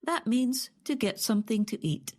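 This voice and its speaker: A woman co-hosting an English lesson, explaining words in a clear, measured way. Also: on the high side, lively intonation, a little mellow.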